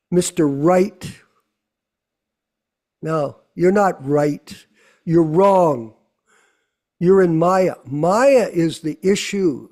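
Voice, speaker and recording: A man speaking slowly in a devotional class, with a fairly high but mellow voice. He preaches at length and scolds with rhetorical questions. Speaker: host of a scripture class.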